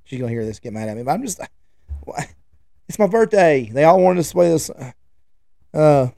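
A man's voice: on the high side, big pitch swings, normal speed, creaky, warm tone, no room sound, clean studio sound. A man, hosting a podcast and telling rambling, chatty stories. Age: 40s. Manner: rambling, chatty, restarts and trails off. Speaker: podcast host. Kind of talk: casual rambling storytelling.

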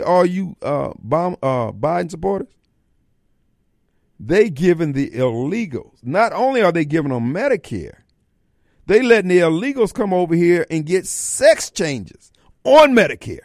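A man's voice: sits high, normal speed, no echo, clean studio sound. A man hosting a political talk radio show, delivering a fiery monologue and acting out imagined critics. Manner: animated, acts out imagined callers and critics.

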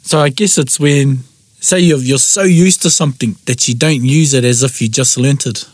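A man's voice: medium pitch, normal speed, dry recording. Man, New Zealand Māori accent, reflective co-host, plain mid voice, dry recording. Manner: reflective, agreeable, many yeahs. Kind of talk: casual chat.

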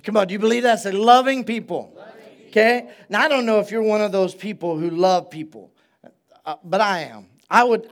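Preaching at a church service, a male pastor keeps a relaxed, conversational tone, repeats phrases for emphasis, and draws call-and-response from the congregation. His voice sits high.

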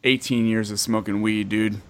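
A man's voice: lowish voice, flat delivery, moderate pace. A man hosting a podcast, chatting loosely, laughing often and swearing casually. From US East Coast. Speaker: podcast host. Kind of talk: casual chat.

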